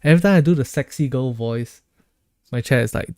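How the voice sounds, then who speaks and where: A male streamer chatting loosely with his viewers, joking and laughing as he goes. His voice is mellow and a little dark, recorded close and dry with no room sound. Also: medium pitch, brisk, no room sound. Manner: joking, laughs often, reads chat aloud. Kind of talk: casual live-stream chat.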